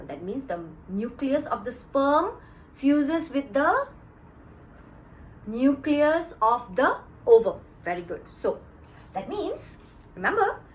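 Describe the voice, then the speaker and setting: A woman's voice: sits high, a little hiss or hum, rough recording. A woman teaching a biology lesson, stressing key words and often checking that the class follows. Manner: slow, emphatic, checks understanding often.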